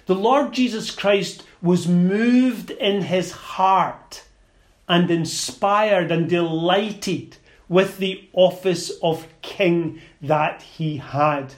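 A man preaching a sermon in a slow, deliberate and emphatic way, with small stumbles and repeated words. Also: high-pitched.

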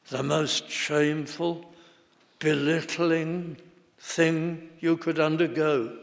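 A man preaching a sermon, emphatic, building to forceful bursts of emphasis. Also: fairly high pitch, fairly even intonation, slow, gravelly. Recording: long hall reverb.

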